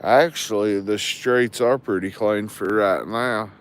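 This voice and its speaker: A man's voice: on the low side, takes it slowly, clean tone. A man, telling rambling, profane stories to his livestream viewers. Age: 40s. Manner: loose, crude, rambling storytelling.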